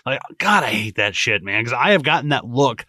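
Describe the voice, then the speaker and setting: A man co-hosting a casual film podcast, venting in an animated, profane way and laughing often. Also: mid-range voice, brisk, no echo, clean studio sound. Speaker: podcast co-host.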